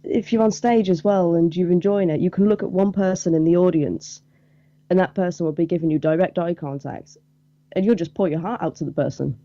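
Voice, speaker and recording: A woman's voice: lowish voice, a little fast, mellow, no room sound, lo-fi sound. A young woman guest on a podcast, chatting casually about past work and laughing easily. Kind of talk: casual chat.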